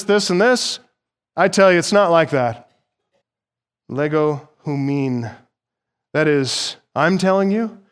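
A middle-aged male pastor delivering an expository sermon, his voice sitting a little higher than most men's. He leans into key phrases, swinging between hushed asides and loud, emphatic peaks. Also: smooth.

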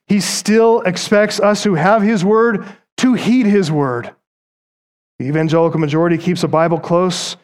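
High-voiced emphatic male preacher. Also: darkish tone. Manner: emphatic, rhetorical, dramatic pauses. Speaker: pastor. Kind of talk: sermon.

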